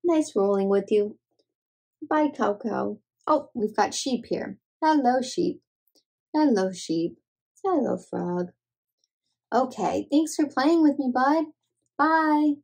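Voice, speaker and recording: Gentle, breathy woman playing with toddlers. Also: high-pitched, animated, slow, pauses often. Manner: gentle, sing-song, encouraging. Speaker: children's toy play host. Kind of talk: playful narration to toddlers.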